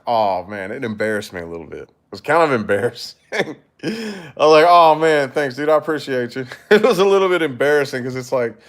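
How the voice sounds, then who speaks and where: Guy from kentucky rambling to his viewers, cussing a lot, laughing a bunch, regular mid voice. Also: mid-range voice. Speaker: YouTuber chatting with viewers. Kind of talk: casual livestream chat.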